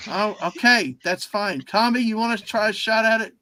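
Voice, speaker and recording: A man's voice: high-pitched, moderate pace, bright, forceful tone, dry recording. A man hosting a casual livestream who rambles and keeps interrupting himself. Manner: rambling, easily distracted, self-interrupting. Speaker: livestream host.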